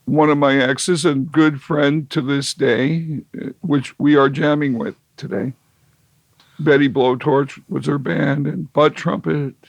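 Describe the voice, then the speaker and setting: A man's voice: on the high side, fairly even intonation, slow pace, no echo. A man telling a long, wry, rambling story as an interview guest, with lots of fillers and restarts. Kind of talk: casual storytelling.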